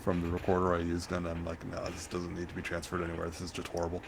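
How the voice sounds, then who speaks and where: Middle-aged male co-host, very low voice, halting and self-deprecating delivery. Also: monotone, creaky, noisy background. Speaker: podcast co-host. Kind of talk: casual chat.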